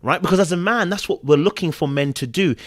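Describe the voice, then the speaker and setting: A man's voice: high voice, fast talker, dry recording, clean studio sound. A man co-hosting a podcast, chatting animatedly and acting out little voices as he argues his point. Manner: animated, acts out little voices, repeats words. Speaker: podcast co-host. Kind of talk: casual commentary chat.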